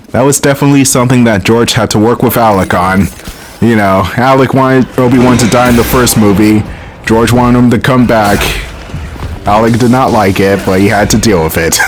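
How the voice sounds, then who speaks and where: A man's voice: fairly low pitch, slight background noise. A man hosting a let's play, giving casual, joking gameplay commentary full of rambling tangents.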